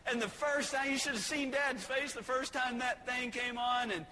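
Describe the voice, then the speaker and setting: Bright high-voiced preacher in a reverberant church. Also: male voice, steady tone, normal speed. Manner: folksy, joking storytelling between points. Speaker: pastor. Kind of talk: sermon. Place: church sanctuary.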